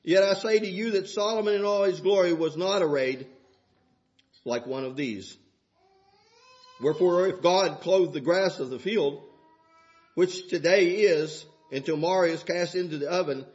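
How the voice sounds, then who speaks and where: An older man preaching a sermon in a folksy way, dropping to soft asides and rising to shouts. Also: sits high, normal speed, lo-fi sound.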